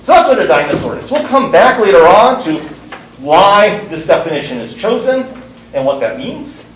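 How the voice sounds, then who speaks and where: A man's voice: high-pitched, very animated, moderate pace, echoey room, distant mic, a little hiss or hum, low-quality recording. A man teaching a university course, lecturing in an emphatic way and repeating words for stress. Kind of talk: classroom lecture.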